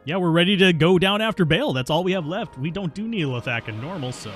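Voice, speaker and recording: A man's voice: sits high, lively intonation, fast, fairly bright tone, faint music behind. A man streaming a video game live, chatting casually and answering viewers' questions between plays, stubborn and self-mocking. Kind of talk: casual live gameplay commentary.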